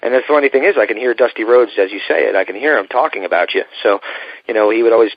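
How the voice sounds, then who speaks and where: Fast-talking interview host, dry sound. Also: male voice, fairly low pitch, no room sound, muffled recording. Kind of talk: casual interview.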